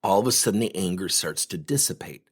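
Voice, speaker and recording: A man's voice: low voice, expressive, fast talker, slightly rough. A middle-aged man coaching on workplace conversations, telling stories with energy and animation. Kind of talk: podcast monologue with acted anecdotes.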